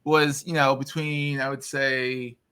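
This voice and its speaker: A man hosting an interview, chatty and enthusiastic, with frequent quick affirmations. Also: mid-range voice, flat delivery, bright, forceful tone, clean tone. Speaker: interview host. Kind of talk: casual interview conversation.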